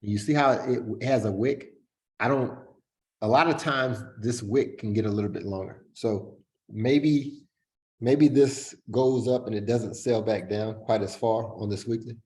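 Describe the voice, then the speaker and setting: A man's voice: fairly low pitch, measured pace, darkish tone. A man hosting a casual market analysis chat, talking in a hesitant way with lots of fillers and restarts.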